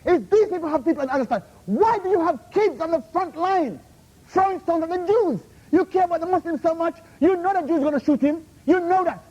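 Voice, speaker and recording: Man, very high voice, rapid-fire scolding rebuttal at a university talk; muffled recording. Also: lively intonation, a little mellow. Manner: confrontational, repeatedly demands "Huh? How?"; scolding, drops Arabic terms into English. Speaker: invited Islamic speaker. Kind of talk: heated Q&A rebuttal. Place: university lecture room.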